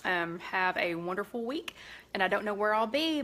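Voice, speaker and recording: A middle-aged woman hosting a casual live-stream chat, rambling warmly with many fillers and self-corrections. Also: mid-range voice, expressive, normal speed. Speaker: host of a live cooking chat.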